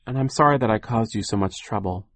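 A man reading an audiobook and voicing a quiet, polite, bookish young boy. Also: lowish voice, fast, dry recording, natural voice.

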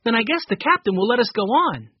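A man's voice: extremely high pitch, very animated, fast talker, husky, no room sound, pitched above the performer's own voice, exaggerated voice. A man reading a storybook, voicing a practical, matter-of-fact girl. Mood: knowing. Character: sensible, practical older girl. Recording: dull lo-fi dry recording.

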